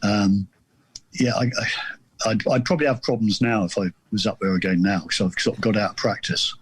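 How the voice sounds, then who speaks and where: With a fairly low, husky voice, this middle-aged southern English author speaks at a normal speed in a steady tone. He's a guest on a podcast, casually telling a rambling story that pokes fun at himself and keeps restarting. The recording is dry.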